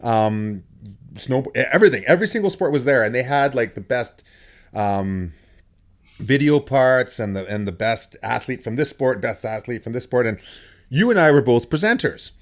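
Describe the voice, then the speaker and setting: A middle-aged man hosting a podcast, telling stories in a casual, animated way and laughing often. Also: medium pitch, moderate pace. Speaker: podcast host. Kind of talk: casual storytelling chat.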